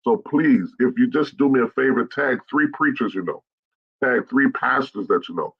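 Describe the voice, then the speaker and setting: A man's voice: medium pitch, moderate pace, vocal fry, slightly rough, lo-fi sound. A middle-aged man, a bishop, giving a blunt straight-talk message to pastors, repeating his points to drive them home.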